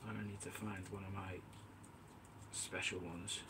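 His voice sits low and flat here, unhurried, with noise behind him. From the bait shop indoors, he works while chatting on his live stream, reading the chat and calling people mate.

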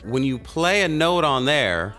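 A male host chats on a live stream with a mid-pitched voice that swings up and down a lot. He is cheery and quick to shout people out. Light music plays behind him. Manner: lively, gives birthday shout-outs. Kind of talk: casual live-stream chat.

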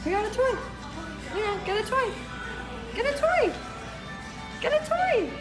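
A young woman with a very high voice speaks in sing-song baby talk, urging her dog over and over. Her short, repeated commands sit over clearly audible music. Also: sing-song, a little slow. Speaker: dog owner. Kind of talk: coaxing her dog in a pet store. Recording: music playing behind.

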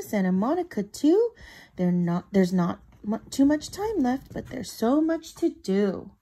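A woman teacher reading a picture book aloud to children, expressive and asking the listeners questions. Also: mid-range voice, slightly rough. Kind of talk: read-aloud storytelling for children.

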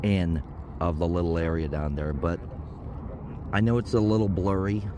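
A man's voice: sits low, moderate pace, background noise. A man vlogging outdoors on a sunny hilltop, chatting casually to viewers with self-deprecating asides, filmed on a handheld camera and phone. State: out of breath from climbing. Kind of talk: casual vlog narration.

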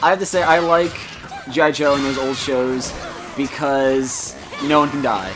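A man's voice: medium pitch, normal speed. A man co-hosting a let's play, laid-back and joking, swearing casually. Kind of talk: casual chat over gameplay. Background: game music.

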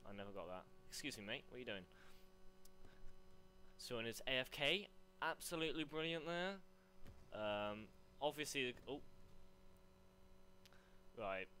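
A young man commentating live on his gameplay, rambling between chat and excited yelps. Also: medium pitch, measured pace, pauses often, slight background noise. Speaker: gaming commentator.

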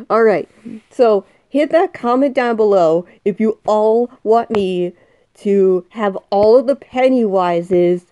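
A woman's voice: a little high, mellow, clean tone, no echo, clean studio sound. A woman in her twenties commenting on a game she is playing, jumpy and swinging from muttering to shrieking. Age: 20s. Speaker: gaming youtuber. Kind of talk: excited let's-play commentary.

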